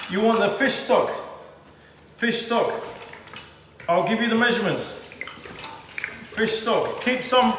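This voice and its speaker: High-voiced man cooking, echoey and distant. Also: noisy background. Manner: chatty, repeats himself. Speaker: home cook. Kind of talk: casual cooking demonstration. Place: home kitchen. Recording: echoey kitchen from far off.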